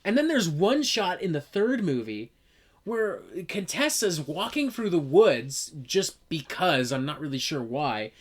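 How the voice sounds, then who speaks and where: A woman co-hosting a casual chat, talking in an animated, profane way and mocking what she describes. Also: on the low side, a little slow. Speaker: podcast co-host reviewing a film.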